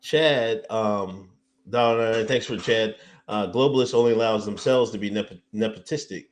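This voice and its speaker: A man's voice: on the low side, normal speed, a little hiss or hum. A man co-hosting a podcast in casual chat, rambling with lots of fillers like "you know" and "man". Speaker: podcast co-host.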